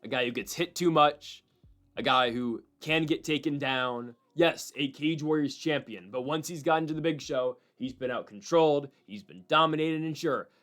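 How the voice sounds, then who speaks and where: A man hosting a solo fight-prediction show, talking in an animated, opinionated way and slipping in quick voices of other people. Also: on the high side, soft background music. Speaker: MMA prediction channel host.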